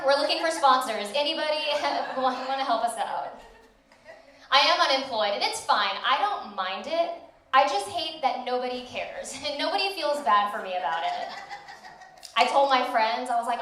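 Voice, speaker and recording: A young woman doing a stand-up comedy set on a club stage, delivering deadpan, self-mocking punchlines. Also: high-pitched, normal speed. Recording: echoey club, voice from far off.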